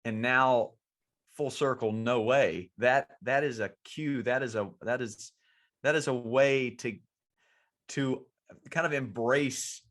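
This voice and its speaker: A man's voice: mid-range voice, slow pace, fairly bright tone. A man co-hosting a podcast, a coach who talks earnestly about his players in a casual chat.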